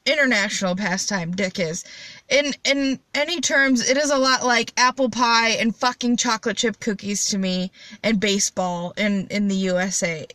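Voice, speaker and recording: A young woman who is high talks casually into a dry, close mic. Her voice sits a bit high and comes across bright and forceful. She rambles with blunt, profane humor. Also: no echo. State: high on cannabis. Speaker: podcast host. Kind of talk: casual solo chat.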